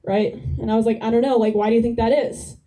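A young woman from New Jersey doing a stand-up set with a deadpan delivery and a drawling "like". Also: on the high side, fast talker, distant mic, low-quality recording. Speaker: stand-up comedian. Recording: live club crowd laughter.

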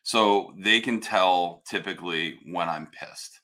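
A man talking loudly and bluntly in casual chat, cursing freely and restarting his sentences often. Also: deep voice, takes it slowly. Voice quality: hard of hearing. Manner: loud, blunt, swears freely, many restarts.

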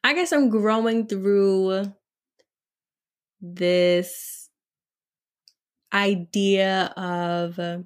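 A woman's voice: medium pitch, fairly even intonation, drawn-out words, long pauses. A woman guest on a podcast, speaking thoughtfully and hesitantly, often checking that she makes sense. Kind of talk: casual interview chat.

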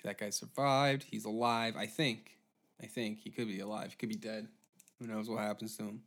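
A man hosting a comedy podcast, rambling through a profane monologue with deadpan asides. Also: fairly low pitch, normal speed. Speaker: podcast host.

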